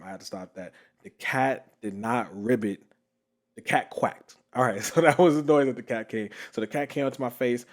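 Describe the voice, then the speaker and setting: A young man hosting a podcast, telling a story casually with lots of fillers and laughter. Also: on the low side. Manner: animated, laughing, many fillers. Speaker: podcast host.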